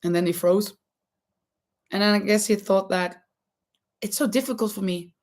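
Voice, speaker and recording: A woman whose first language is Norwegian, hosting a casual crafting livestream and chatting in a halting way, with many restarts and a lot of laughter. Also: medium pitch, fairly even intonation, a little mellow. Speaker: livestream host and schoolteacher. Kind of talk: casual chat while crocheting.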